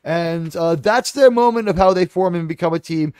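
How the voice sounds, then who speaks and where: A man's voice: high-pitched, moderate pace, darkish tone, smooth, dry recording, clean studio sound. A man giving a casual, rambling film review, profane and full of fillers. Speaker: movie reviewer.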